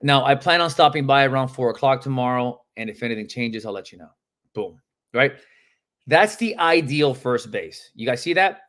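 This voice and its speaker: Speaking at a moderate pace with a medium-pitched voice, a man runs a live coaching session for real estate agents. He's animated and emphatic, role-plays phone calls, and names viewers as he goes.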